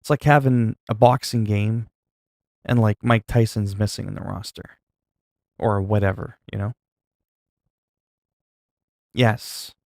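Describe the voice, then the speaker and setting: A man's voice: on the low side, steady tone, takes it slowly, vocal fry, pauses often, a little mellow, no room sound, clean studio sound. A man chatting casually while livestreaming a game, answering chat questions in a laid-back, swearing way.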